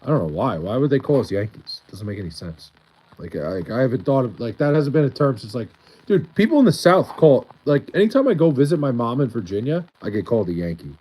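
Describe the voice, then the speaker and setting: A man's voice: mid-range voice, big pitch swings, fast talker, mellow, breathy edge, low-quality recording. Brief: male streamer, Long Island accent, loose rambling chat with lots of filler and restarts. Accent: Long Island New York. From Long Island, New York. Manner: rambling, heavy use of "like" and restarts. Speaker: livestreamer. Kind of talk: casual livestream chat, reading chat aloud.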